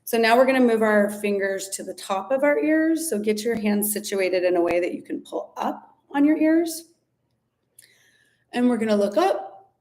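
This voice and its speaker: A woman leading a guided ear-massage and breathing practice, speaking gently and unhurriedly, with a few fillers and restarts. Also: a little high, animated, moderate pace. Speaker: somatic practice instructor. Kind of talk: guided body practice instruction.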